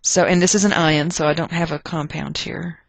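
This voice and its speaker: Chatty chemistry teacher thinking aloud. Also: female voice, sits low, fairly even intonation, moderate pace, gravelly, dry recording. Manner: chatty, thinks aloud while working problems. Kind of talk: recorded chemistry lecture.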